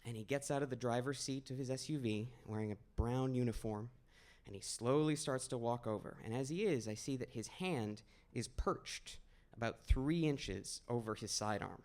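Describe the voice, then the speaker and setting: A man's voice: medium pitch, normal speed, darkish tone. A young man from Maine telling a personal story at a live storytelling event, in a conversational, wry, self-deprecating way. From Maine, USA. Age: 20s. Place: small stage at a storytelling event.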